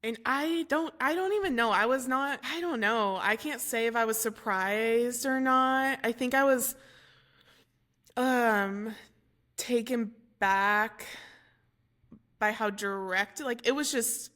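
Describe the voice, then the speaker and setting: A young woman calmly recounting a painful personal story as an interview guest, halting and correcting herself as she goes. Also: a little high. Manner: unhurried, halting, with fillers and self-corrections. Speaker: guest telling her story.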